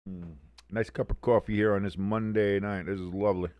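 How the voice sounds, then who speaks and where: A man's voice: fairly low pitch, steady tone, brisk, no room sound, muffled recording. Guy rambling thru a live game watch-along, swears a lot, pretty dry sound. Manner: rambling, profane, conversational. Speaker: watch-along streamer and host. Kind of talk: casual live game commentary.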